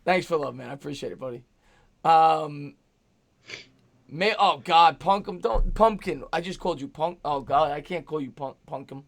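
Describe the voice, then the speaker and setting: A hoarse man hosting a live sports stream, calling plays and thanking chat donors. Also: a little high, moderate pace. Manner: upbeat, reads out super chats and calls plays. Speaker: host. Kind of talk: live play-by-play stream with chat shout-outs.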